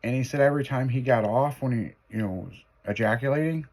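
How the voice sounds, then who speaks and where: A man's voice: mid-range voice, fast talker, darkish tone. A man hosting a radio show in casual chat, laid-back, with short profane reactions.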